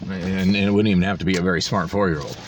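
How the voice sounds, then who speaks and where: Over background noise, a man with a low-sitting voice talks rapid-fire with fairly even intonation. He's vlogging on his phone, sarcastically and exasperatedly ranting about a store visit and swearing without restraint.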